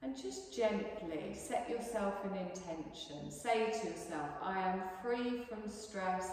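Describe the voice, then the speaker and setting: A woman teaching a yoga class, guiding a calm relaxation in a soothing, gently coaxing voice. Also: fairly low pitch. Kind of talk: guided relaxation instruction. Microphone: distant room mic. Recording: echoey hall from far off.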